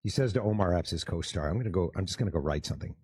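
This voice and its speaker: A man with a very low, husky voice tells a long story in an interview. He animates it by acting out what people said. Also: racing, no room sound. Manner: animated storyteller who acts out quotes. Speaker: author telling a story.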